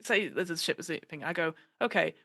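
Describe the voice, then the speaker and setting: Speaking briskly on a podcast, a woman guest keeps things casual and animated, peppering her talk with fillers and voicing the people she quotes. Her voice is on the low side and creaky, recorded without echo.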